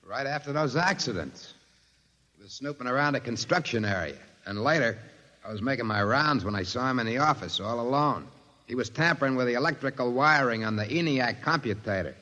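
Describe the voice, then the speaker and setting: A man's voice: mid-range voice, lively intonation, a little fast, bright, forceful tone. An actor playing a matter-of-fact male security guard testifying in a 1950s radio drama. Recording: dull, reverberant old radio recording.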